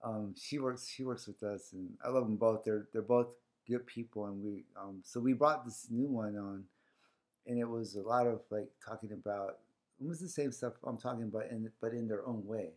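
A man's voice: fairly low pitch, moderate pace, a little mellow. A man talking casually as a guest, telling a personal story with lots of fillers and acting out what people said. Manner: rambling with many fillers, acts out quoted dialogue. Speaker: guest organizing a community series.

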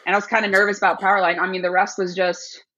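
A woman chatting casually as a podcast guest, telling a story with lively energy and acting out other people's voices. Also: mid-range voice, very fast, muffled recording. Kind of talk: casual chat.

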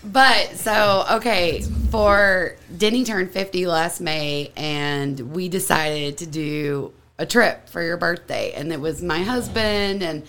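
Teasing lively woman guest. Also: on the low side, slow pace, few pauses, slight background noise. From Kentucky, USA. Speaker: distillery co-founder, guest. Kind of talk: casual podcast chat.

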